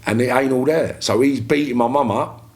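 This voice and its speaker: Brief: London man, gravelly voice, mid-pitched, animated storyteller who curses freely. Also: a little fast, a little hiss or hum. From London, England. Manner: animated storyteller, swears freely, acts out quoted speech. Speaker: podcast guest. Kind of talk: casual storytelling interview.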